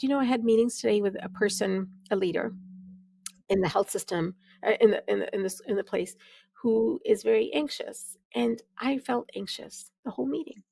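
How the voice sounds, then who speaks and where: Middle-aged woman, midwestern accent, podcast guest, heavy vocal fry, dry close sound, reflective, many restarts. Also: mid-range voice, a little mellow, dry recording. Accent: American Midwest. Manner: reflective, candid, laughs easily, many restarts. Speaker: podcast guest, physician leader. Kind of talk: conversational interview.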